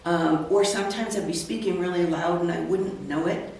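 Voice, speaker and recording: A woman's voice: fairly low pitch, moderate pace, darkish tone. A woman in her sixties, a real estate agent, telling her personal story as a guest in an interview, candid and earnest. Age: 60s. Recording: echoey, distant, faint noise.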